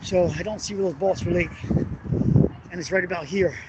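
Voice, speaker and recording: A man with a high voice talks through the engineering of a bridge as he walks it at night, recording on a handheld camera. He rambles, hesitates, and swears when something annoys him. Wind and passing traffic come through loudly behind him. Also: steady tone, fairly quick, muffled recording. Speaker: construction engineering vlogger. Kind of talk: walking on-site explanation. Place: outdoors on a city bridge at night. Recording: noisy outdoor wind and traffic.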